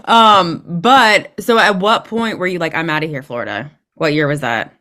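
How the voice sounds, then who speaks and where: Host, female, lower voice: searching, filler-heavy delivery, video-call sound. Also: normal speed, sharp tone. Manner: hesitant, filler-heavy responses. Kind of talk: interview over a video call.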